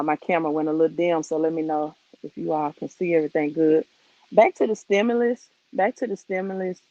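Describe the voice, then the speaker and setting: Woman, Mississippi accent, gravelly voice, chatty live-stream host, dull dry phone audio. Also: low-pitched, darkish tone, no echo. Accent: Mississippi Southern. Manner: chatty, loose and conversational, greeting viewers as she goes. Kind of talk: casual live-stream chat. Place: outdoors.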